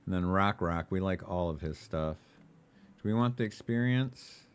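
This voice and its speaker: A man's voice: low-pitched, normal speed, clear, resonant tone. Chill guy streaming a game, talks things out, cusses a bit. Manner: relaxed, thinking aloud, swears. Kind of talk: casual live-stream chat.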